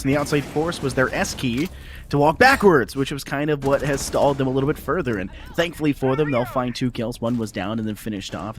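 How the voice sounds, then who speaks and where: A man from the American South calls a competitive shooter match in a mid-range voice, chatty and quick to laugh. A faint hiss of noise sits under the mic. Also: medium pitch. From Southern United States. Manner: laughs easily, chatty asides. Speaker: esports caster. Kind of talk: play-by-play commentary.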